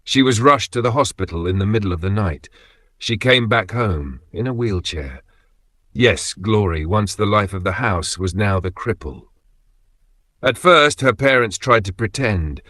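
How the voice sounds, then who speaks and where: A man narrating a scripted dramatic story in short, measured phrases. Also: lowish voice, expressive, bright, forceful tone, no echo.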